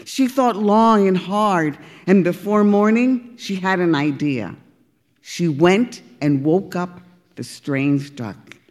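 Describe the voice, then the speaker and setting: A woman narrating a storybook, expressive and deliberate. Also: on the low side, long reverb tail. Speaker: audiobook reader.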